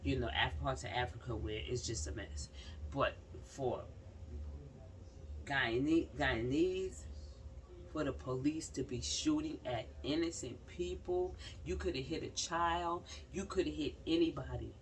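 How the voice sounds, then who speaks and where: A woman's voice: extremely low pitch, a little slow. A woman giving casual commentary to her viewers, emphatic and repeating her points as she talks straight to the audience. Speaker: vlogger commenting on news. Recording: slightly distant mic with faint background noise.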